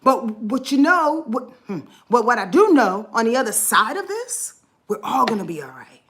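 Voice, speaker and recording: A woman's voice: on the high side, sing-song, normal speed, slight background noise. A woman astrology vlogger talking in a heartfelt, rambling monologue, earnest and swearing freely, emotional and close to tears at times.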